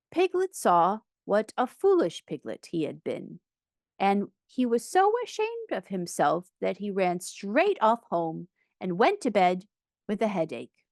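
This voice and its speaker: A woman reading a children's audiobook aloud with an expressive, storytelling delivery. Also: medium pitch, no room sound, studio quality. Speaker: audiobook reader.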